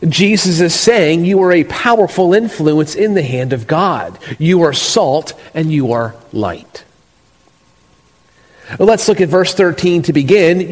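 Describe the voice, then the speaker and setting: A man's voice: sits high, expressive. Emphatic male preacher in a reverberant hall. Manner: measured, emphatic preaching with slow deliberate stresses. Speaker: pastor. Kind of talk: expository sermon. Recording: long reverb of a large hall.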